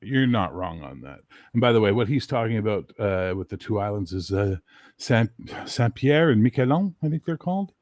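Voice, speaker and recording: A man's voice: fairly low pitch, moderate pace, dry recording, studio quality. A man from Canada co-hosting a casual podcast chat, blunt and swearing as he tells stories. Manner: blunt, swearing, animated storytelling. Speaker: podcast co-host.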